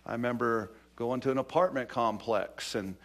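A man's voice: mid-range voice, normal speed. A middle-aged man preaching a sermon in a conversational way, with many fillers and restarts as he tells stories. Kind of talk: sermon with personal storytelling.

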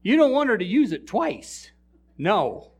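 A man's voice: high-pitched, a little slow, breathy edge. A male pastor preaching a sermon, telling funny stories and joking with his congregation. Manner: animated storytelling preacher, jokes with the congregation. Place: church.

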